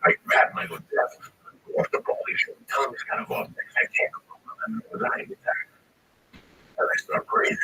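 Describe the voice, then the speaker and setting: A male comedian telling a rambling, profane story full of swearing, recorded on a distant mic with faint background noise. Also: moderate pace. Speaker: stand-up comedian.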